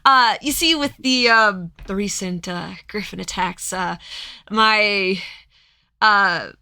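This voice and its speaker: A woman voicing a pushy, finely dressed gentleman who keeps haggling and wheedling with hesitant fillers. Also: mid-range voice, slow pace, clear, resonant tone, dry recording.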